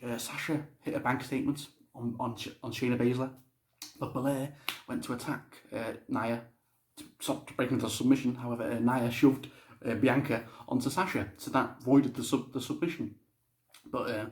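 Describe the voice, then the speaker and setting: A man's voice: medium pitch, darkish tone. A young man giving a casual, blunt spoken review, swearing freely. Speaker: wrestling show reviewer. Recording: roomy echo.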